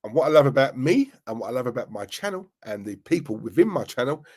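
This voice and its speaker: Man, live stream host, earnest, repetitive, chatty, mid-pitched voice. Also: very animated, fast, darkish tone, husky. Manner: earnest, repetitive, chatty, uses fillers like "you know". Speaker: football channel host.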